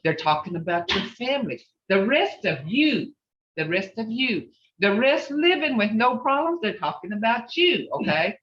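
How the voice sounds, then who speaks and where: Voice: medium pitch, big pitch swings, moderate pace, a bit bright, reverberant. A teacher leading an online language class, patiently drilling words syllable by syllable and reassuring the students. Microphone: video call. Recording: dull video-call audio.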